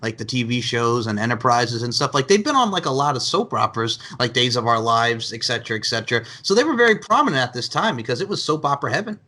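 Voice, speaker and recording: Bright-voiced man hosting a chatty podcast. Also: medium pitch, animated, fast, few pauses. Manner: laughs often, rambling with many likes. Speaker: podcast host. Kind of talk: casual movie chat.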